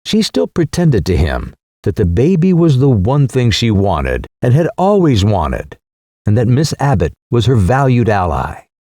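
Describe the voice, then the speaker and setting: Expressive mellow male storyteller. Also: medium pitch, unhurried, dry recording, clean studio sound. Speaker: audiobook narrator. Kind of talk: scripted narration.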